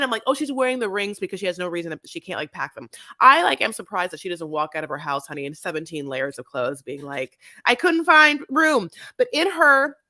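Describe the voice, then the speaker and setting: Mid-range and sharp-toned, this woman's voice comes through a dry, clean studio recording. Co-hosting a casual reality-TV recap chat, she's sassy, swears freely, and calls people honey.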